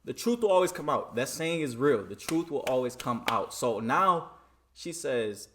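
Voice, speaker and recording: A man from Michigan telling a story in a casual vlog, animated and dramatic, often repeating "you know what I'm saying.". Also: mid-range voice, normal speed, background noise. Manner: dramatic re-enacting of dialogue.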